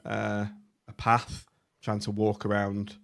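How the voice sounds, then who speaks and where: A man's voice: fairly low pitch, monotone, slow pace, vocal fry, a bit bright, clean tone. A man hosting a casual podcast chat, speaking hesitantly with many fillers. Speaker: podcast host.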